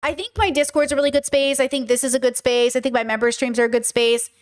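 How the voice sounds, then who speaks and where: A woman's voice: sits high, fairly even intonation, fast. A young woman hosting a live stream, chatting casually and emotionally with her viewers, rambling with lots of fillers. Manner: rambling, emotional, talks to chat, many fillers. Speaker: podcast host streaming live.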